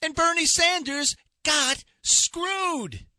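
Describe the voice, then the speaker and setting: A man's voice: very high voice, drawn-out words, pushed and bright, no echo. A man hosting a talk radio show, delivering an impassioned, indignant monologue full of rhetorical questions from a radio studio. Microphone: studio microphone.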